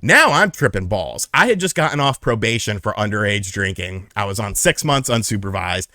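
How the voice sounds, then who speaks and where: A man's voice: on the low side, big pitch swings, moderate pace, sharp tone, no echo. A young man casually telling a personal story, candid and profane, on a close mic. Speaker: vlogger.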